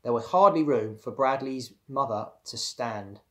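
A man, a primary school teacher, reading a children's story aloud in a clear, steady way. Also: mid-range voice, unhurried.

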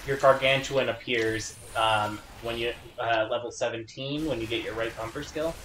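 A man's voice: medium pitch, steady tone, normal speed, reverberant, noisy background. A man chatting while playing a co-op game, joking, laughing a lot and swearing. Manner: laughs often, swears, playful jokes. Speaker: gamer. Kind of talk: casual gaming chat.

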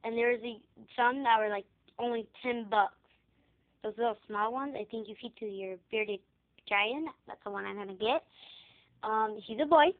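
A young girl chatters through a casual room tour in her bedroom, rambling and excitable with a fairly high voice. The sound is tinny and lo-fi, like cheap home camera audio. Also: normal speed. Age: child. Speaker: vlogger giving a room tour. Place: child's bedroom, indoors.

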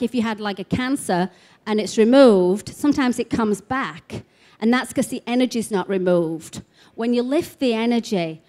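A woman tells stories about spiritual healing to a live audience in an expo talk room, chatty and full of "like" fillers. Her voice is mid-range with a darkish tone.

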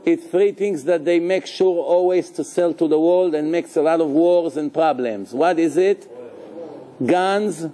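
A man, a rabbi, giving a live Torah lecture in a lively, joking way, questioning his listeners and sprinkling in Hebrew terms. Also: fairly high pitch, measured pace.

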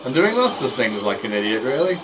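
A man's voice: mid-range voice, very animated, brisk, low-quality recording. A man casually commenting while playing a racing game online, joking at his own mistakes and stumbling over words. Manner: jokey, self-mocking, stumbling over words. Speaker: gameplay commentator. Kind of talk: casual let's play commentary. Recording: game music behind the voice.

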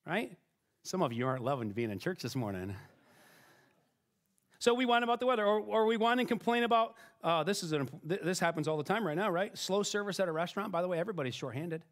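A man's voice: high voice, animated, fast talker. A middle-aged man preaching a sermon as pastor, conversational and self-deprecating, often checking in with "right?" and restarting his sentences.

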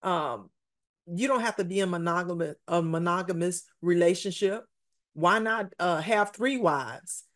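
Brief: a woman doing a casual, dismissive scoffer, voice dropped a little lower. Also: a little slow, fairly bright tone. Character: worldly adult scoffing at marriage rules.

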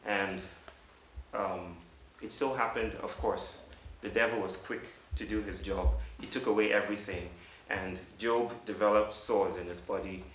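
A man's voice: lowish voice, steady tone, a bit bright. Earnest man in his thirties, distant hall. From Africa. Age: 30s. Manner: earnest, vulnerable, halting. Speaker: public speaker. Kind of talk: storytelling lecture. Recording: roomy hall from a distant mic with faint hiss.

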